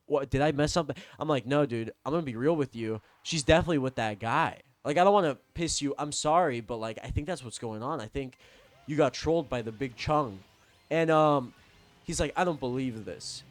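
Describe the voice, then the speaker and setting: A young man telling a profane, heated story in a vlog rant, swinging from low mutters to yelling. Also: no echo. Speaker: vlogger. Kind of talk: ranting storytime.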